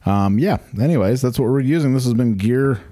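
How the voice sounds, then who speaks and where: A man's voice: medium pitch, brisk, mellow, no room sound, clean studio sound. A man co-hosting a podcast, rambling casually about microphones, swearing now and then. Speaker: podcast co-host. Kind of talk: casual chat.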